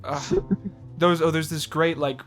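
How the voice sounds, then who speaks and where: A man's voice: a little high, level tone, measured pace, soft background music. Rambling young man reviewing a movie. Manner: rambling, lots of fillers and restarts, laughs often. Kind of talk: casual review chat.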